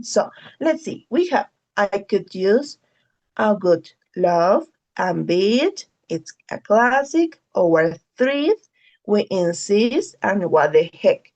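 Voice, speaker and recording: A woman, a native Spanish speaker, teaches an English lesson at an unhurried pace with a gravelly, creaky edge to her voice. She repeats phrases patiently and keeps checking in with her students. The audio sounds dull and lo-fi. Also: medium pitch, darkish tone. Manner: patient, repeats key phrases, frequent "okay?". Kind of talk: online class instruction.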